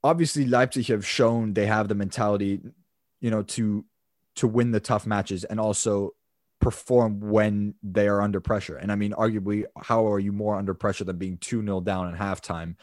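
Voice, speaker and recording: A man with a fairly low voice talks football on a podcast, rambling easily and restarting his sentences as he goes. The sound is dry and close to the mic, with no room around it. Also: steady tone, normal speed, a little mellow, no echo. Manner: chatty, rambling with restarts and laughs. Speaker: podcast co-host. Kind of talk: casual football podcast chat.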